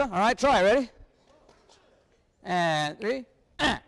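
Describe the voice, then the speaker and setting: A clinician conducting a wind band in a large rehearsal hall gives energetic instruction and sings rhythms on syllables, and the recording carries long hall reverb. His high voice is expressive and gravelly, brisk yet often pausing.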